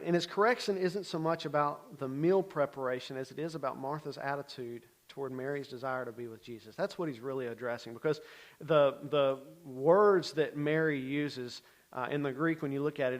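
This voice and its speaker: A man giving a casual, conversational sermon, often checking in with his listeners and swinging between loud bursts and quiet asides. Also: mid-range voice, normal speed. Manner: conversational, checks in with frequent "okay?". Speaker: Bible teacher.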